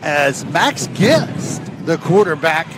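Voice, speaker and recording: A man doing play-by-play commentary on a high school football game on a headset, talking loosely with lots of fillers and restarts. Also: very animated, slow pace, music in the background. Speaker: play-by-play announcer.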